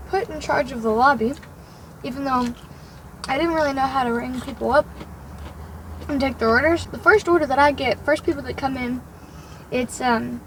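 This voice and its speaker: A young woman with a rather high voice tells a long, rambling story in relaxed conversation, filling it with "like" as she goes. She is talking in a car, with faint road noise under her voice. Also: rough recording. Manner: rambling storytelling, heavy use of "like". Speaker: daughter telling about her first workday. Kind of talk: casual chat.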